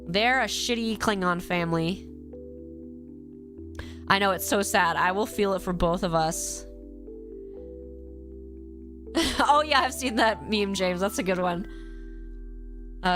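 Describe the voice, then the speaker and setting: Congested woman gushing on a live stream. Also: mid-range voice. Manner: animated, gushing, acts out quoted lines. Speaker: streamer ranking episodes. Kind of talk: casual live-stream chat.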